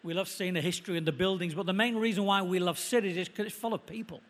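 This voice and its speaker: Preacher, male, middle-aged, Manchester accent, brisk chatty delivery, fairly high voice, echoey church hall. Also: fairly even intonation. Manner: quick, conversational preaching, slowing for emphasis. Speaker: visiting pastor. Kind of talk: sermon.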